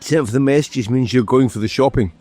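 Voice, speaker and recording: A middle-aged author reading from his novel and chatting as a guest, wry and quick to correct himself, recorded outdoors by a street. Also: medium pitch, dark tone, faint music behind. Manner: dry, wry and self-correcting. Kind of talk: reading aloud from a novel, then casual conversation.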